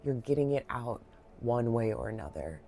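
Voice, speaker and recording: A woman giving a reflective guided Reiki talk, soft-spoken, heartfelt and rambling, with many fillers, a little emotional. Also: rumbling low, big pitch swings, normal speed, a little hiss or hum. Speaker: Reiki practitioner.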